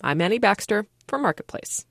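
A woman radio reporter narrating a news feature in a brisk, wry way. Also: medium pitch, lively intonation, fairly bright tone, no room sound, clean studio sound.

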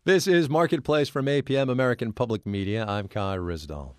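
A man hosts a radio show on a studio microphone, reading polished scripted intros and conducting an interview. He asks curious questions with small restarts, speaking fairly quickly at a medium pitch.

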